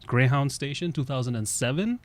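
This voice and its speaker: A podcast host who grew up in Russia talks in a mid-range, animated voice at a slightly fast clip. The chat is casual and loose, peppered with lots of "you know."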